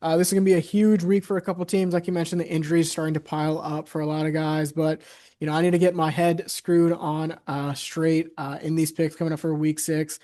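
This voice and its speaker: A man's voice: fairly high pitch, level tone, brisk, mellow. A young man co-hosting a casual sports podcast, talking steadily with many "uh" and "you know" fillers. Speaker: podcast co-host.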